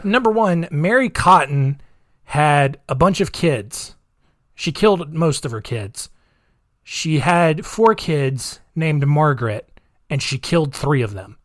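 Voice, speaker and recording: A man's voice: a little high, slow pace, creaky, no room sound. A man hosting a podcast in a casual monologue, rambling, offhand and sarcastic, on a close mic. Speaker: podcast host.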